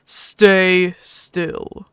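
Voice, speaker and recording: A woman voicing a taciturn male husky dog-man healer who answers in curt single words. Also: fairly low pitch, little pitch movement, very slow, a bit bright, dry recording. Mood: gruff.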